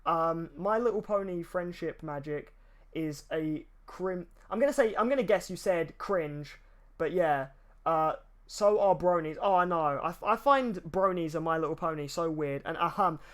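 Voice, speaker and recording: A man's voice: fairly high pitch, normal speed, fairly bright tone, no echo. A young man chatting casually while streaming a video game, rambling and reading viewer comments aloud. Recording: faint game music behind.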